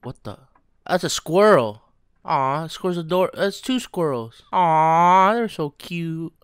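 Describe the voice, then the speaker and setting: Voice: mid-range voice, animated, slow, smooth, dry recording, studio quality. A gaming YouTuber reacting to a horror game, jumpy, with sudden shrieks and constant claims of not being scared.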